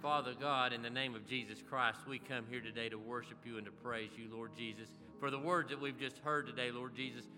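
A man's voice: medium pitch, steady tone, fairly quick, few pauses. Man praying aloud over church music. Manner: earnest, repeats "Lord Jesus". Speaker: church member leading prayer. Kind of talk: spoken prayer. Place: church sanctuary. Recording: hall reverb with organ music.

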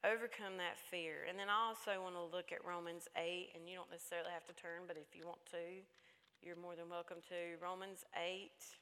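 A woman's voice: fairly low pitch, level tone, brisk, sharp tone, smooth. Woman preaching in an echoey hall. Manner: emphatic, folksy storytelling. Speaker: women's conference speaker. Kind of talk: sermon-style talk.

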